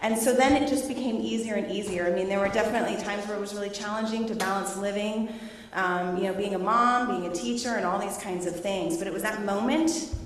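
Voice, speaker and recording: In a large, echoey hall, a middle-aged teacher presents her research to students and fields their questions, laughing and telling stories with animation. Her medium-pitched voice is brisk with hardly any pauses, captured from a distance with slight background noise.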